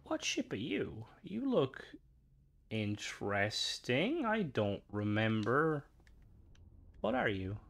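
This young man chats casually as he streams a game, wandering off topic with fillers and playful comments. His medium-pitched voice swings wildly up and down at a slow pace and sounds gravelly yet fairly bright.

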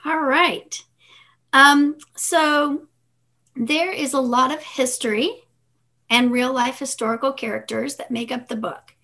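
A woman interviewer with a high, bright voice, hosting a library author talk. She asks her questions with a few false starts and restarts. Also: steady tone. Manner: halting, restarts words.

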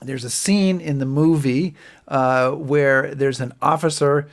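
A man's voice: medium pitch, steady tone, slow pace, vocal fry. A man hosting a casual history chat on a video call, talking in a wry, chatty way. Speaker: host.

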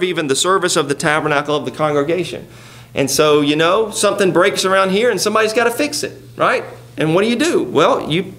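A man's voice: high-pitched, a bit bright. A man preaching a sermon in a church, reading scripture and talking to the congregation in a conversational way with rhetorical questions. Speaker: pastor. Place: church sanctuary.

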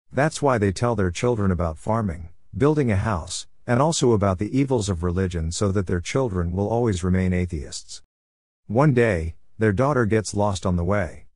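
A man narrating a plot recap in a steady, even voice with simple phrasing. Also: on the low side, no room sound, studio quality.

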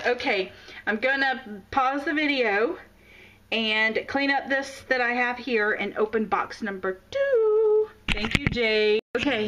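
A woman vlogging an unboxing of craft supplies, gushing and exclaiming with delight, gasping and laughing. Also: a little high. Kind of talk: excited unboxing chat. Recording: noisy home recording.

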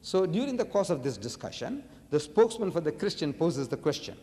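A man's voice: on the high side, sing-song, brisk, mellow, big-room sound. A man giving a public religious lecture, emphatic and rhetorical, often putting questions to his audience.

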